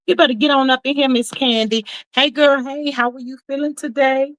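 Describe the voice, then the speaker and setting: A woman's voice: high-pitched, fairly even intonation, fairly quick, fairly bright tone, dry recording, lo-fi sound. A woman hosting a casual livestream, chatty, greeting her chat and reading out messages with Southern slang. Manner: Southern slang, calls everyone child. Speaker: livestream host.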